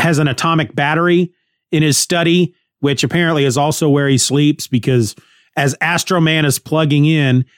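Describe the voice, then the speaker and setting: A man's voice: on the high side, no room sound, studio quality. A man retelling a comic book story in a casual, rambling way, with frequent restarts and chuckles.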